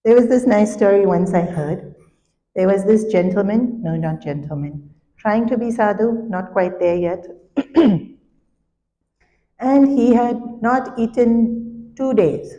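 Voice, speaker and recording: A woman spiritual teacher giving a sermon, telling a story with animated, laughing delivery. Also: mid-range voice, slow, pauses often, in a large hall.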